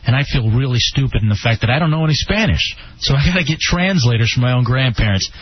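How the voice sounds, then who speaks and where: A man's voice: mid-range voice, lively intonation, fast talker, slightly rough, dry recording. A man hosting a casual radio show, joking and laughing often and mocking himself. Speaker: radio host. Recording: dull lo-fi radio recording.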